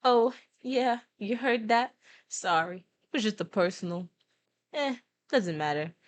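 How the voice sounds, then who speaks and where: Woman doing a gruff, dramatic male skeleton from a cozy game, put-on New York drawl, grudging rival. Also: mid-range voice, lively intonation, measured pace, pitched above the performer's own voice, lightly acted. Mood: blustering. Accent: attempted New York accent.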